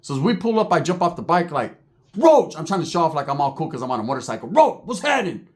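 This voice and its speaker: A man telling a story in a casual, animated and profane streetwise way. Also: a little high, rapid-fire.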